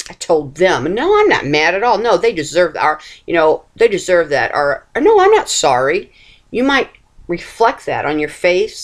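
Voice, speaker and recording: Woman, religious video teacher, emphatic, repetitive, rhetorical questions, stumbling restarts. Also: fairly low pitch. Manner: emphatic, repeats phrases, asks rhetorical questions; restarts and stumbles while searching for words. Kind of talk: informal religious exhortation to camera.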